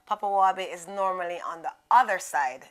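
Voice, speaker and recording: A woman's voice: fairly low pitch, fairly quick, fairly bright tone. A woman hosting a talk show in casual chat, upbeat and playful with her guest.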